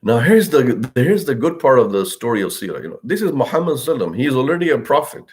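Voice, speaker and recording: A man's voice: sing-song, fast, darkish tone. A man giving a religious lesson as a story, in a conversational way with many "you know" fillers, acting out the quoted speech. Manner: acts out quoted speech with big pitch swings. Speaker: religious teacher.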